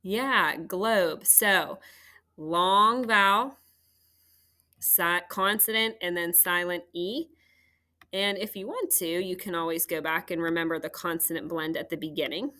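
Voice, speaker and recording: A woman's voice: fairly low pitch, unhurried, pushed and bright. A woman teaching a third grade phonics lesson, patiently sounding out words for students at home.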